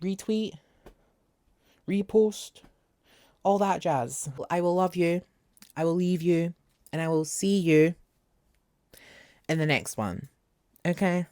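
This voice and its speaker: A man's voice: on the high side, unhurried, long pauses, darkish tone, no echo. A young man talking casually as a music reviewer, sarcastic and exasperated, with jokey asides. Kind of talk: casual album review vlog.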